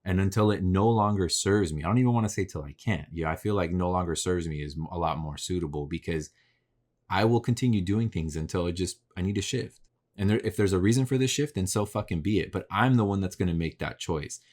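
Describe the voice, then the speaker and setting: This podcast host has a deep voice, a little mellow, and talks briskly in a casual solo monologue. He muses candidly, swears, and turns reflective about himself, speaking into a podcast mic that faces the camera.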